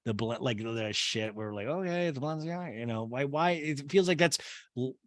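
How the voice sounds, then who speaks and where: A man hosting a comedic podcast recap of a reality show, snarky and animated, with quick asides. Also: medium pitch, no room sound, studio quality. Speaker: podcast host.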